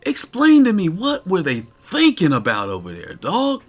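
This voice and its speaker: A man's voice: sits high, normal speed, faint music behind. A man streaming live, ranting in exasperated detail about a fighting game character. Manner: animated, incredulous, cursing.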